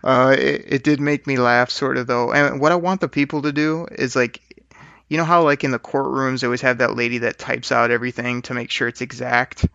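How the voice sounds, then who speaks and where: A man's voice: medium pitch, level tone, fairly quick, creaky, bright, forceful tone, smooth, no room sound, lo-fi sound. A man hosting a podcast, chatting casually and rambling between laughs. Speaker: podcast host. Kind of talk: casual chat.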